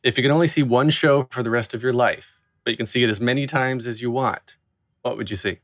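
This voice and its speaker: A man hosting a podcast, relaxed and joking as he chats with his guest. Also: medium pitch, a little fast. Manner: relaxed, joking, asks set closing questions. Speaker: podcast host. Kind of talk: casual interview chat.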